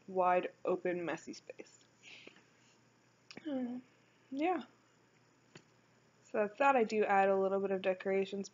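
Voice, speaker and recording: A young woman talks through her game build in a loose, rambling way, with lots of restarts and little asides. Her voice sits at a middle pitch. The recording is slightly muffled and lo-fi. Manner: rambling, chatty, self-correcting. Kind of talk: casual voice-over commentary.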